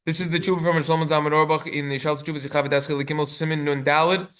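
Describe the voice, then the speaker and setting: A man's voice: on the high side, little pitch movement, a bit bright, clear, resonant tone. A man, a rabbi, gives a halachic lecture, reading sources in Hebrew and translating them with plenty of fillers. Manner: quick, reads sources aloud in Hebrew then translates with many fillers. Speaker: rabbi teaching a class.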